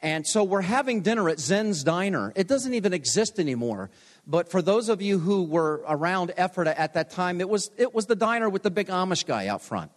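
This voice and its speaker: Delivering a sermon in a big chapel whose long reverb rings around him, a pastor in his sixties tells personal stories and pokes gentle fun at himself. He talks fairly quickly in a sing-song way, his voice fairly high for a man.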